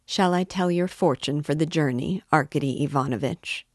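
A woman's voice: low-pitched, moderate pace, no echo, studio quality. A woman reading as a mild homely ghost wife. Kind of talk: reading a novel aloud.

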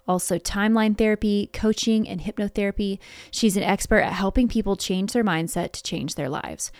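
Bubbly, effusive woman podcast host, medium pitch, dry close recording. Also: a little mellow, no room sound. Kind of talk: upbeat podcast interview.

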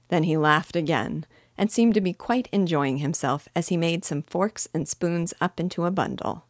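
A woman reading a children's story aloud in a gentle, measured way. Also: low-pitched, no echo, studio quality. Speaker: storybook reader.

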